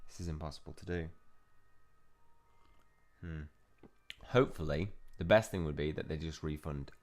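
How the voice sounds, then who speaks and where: A man's voice: a bass voice, vocal fry. A young man casually commenting on a mobile game as he plays, reading the characters' lines aloud and reacting to them. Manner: chatty, reads game dialogue aloud and reacts to it. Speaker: gaming channel host. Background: faint game music.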